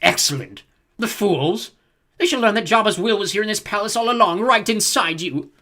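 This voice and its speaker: A man voicing an old, gloating male Hutt crime lord in an audiobook, loud and booming. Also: animated, moderate pace, exaggerated voice.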